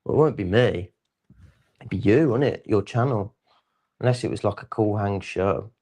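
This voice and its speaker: A man's voice: on the low side, moderate pace, mellow. A man co-hosting a livestream, chiming in with dry, laid-back remarks and reading viewer comments. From Wales. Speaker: stream co-host. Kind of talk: casual chat.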